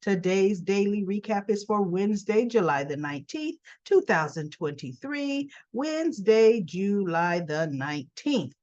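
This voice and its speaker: A woman's voice: mid-range voice, expressive, measured pace, hardly any pauses, darkish tone, highs cut off. A woman chattily retelling a soap opera episode, acting out what the characters say in a casual recap. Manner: chatty, retells scenes and acts out the characters' lines.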